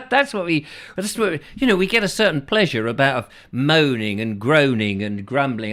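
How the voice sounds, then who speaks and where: A man's voice: medium pitch, animated, normal speed, hardly any pauses, fairly bright tone. Rambling English male show host. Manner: rambling, acts out chatty shop exchanges in little voices. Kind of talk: comic ranty chat.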